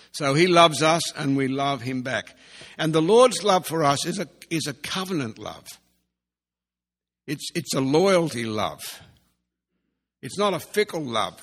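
A man's voice: a little high, lively intonation, a bit bright. Earnest male preacher in a reverberant hall. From Australia. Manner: earnest, repeats key phrases with pauses. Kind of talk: sermon.

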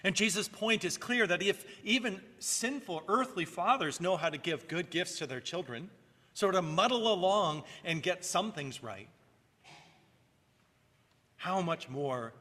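A man's voice: a little high, bright, forceful tone, long reverb tail. A male pastor preaching a sermon in an earnest way, rising and falling for emphasis and sometimes repeating a word.

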